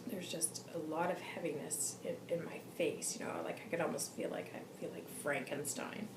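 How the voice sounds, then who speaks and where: A woman's voice: low voice, normal speed. A woman with a scratchy, tired voice talks to her viewers in a loose, chatty way, full of "like" and "you know." The recording is echoey, with constant noise behind her. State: scratchy, hoarse, fatigued voice. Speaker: intuitive channeler and vlog host. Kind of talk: casual vlog monologue. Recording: echoey room with background noise.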